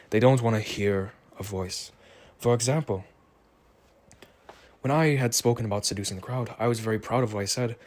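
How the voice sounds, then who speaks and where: A vlogger with a fairly low voice delivers a reflective solo monologue, rambling and unhurried. He sounds tired, musing aloud at a slow, thoughtful pace.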